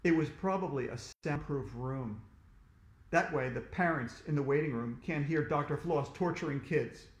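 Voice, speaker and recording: A man's voice: fairly high pitch, moderate pace, reverberant. Man reading a storybook aloud. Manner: animated, expressive reading. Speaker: author reading to children.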